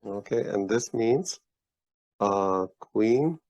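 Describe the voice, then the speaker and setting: A lowish, expressive, slightly mellow voice belongs to a man giving a casual one-on-one Urdu lesson. He explains slowly and patiently, frequently restarting and praising. The lo-fi, dull audio has no echo.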